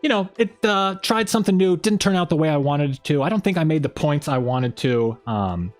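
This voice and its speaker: A man's voice: fairly high pitch, lively intonation, a little fast, soft background music. A man hosting a casual weekly livestream, rambling loosely and greeting viewers in the chat by name. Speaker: livestream host.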